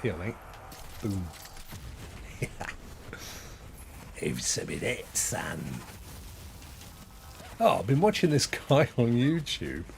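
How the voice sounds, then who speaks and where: A man streams a game and rambles along in a low, gravelly voice that still bounces lively up and down. He chats and laughs often. Loud game sound rattles behind him. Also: slow pace, pauses often, a little hiss or hum. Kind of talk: casual gameplay commentary.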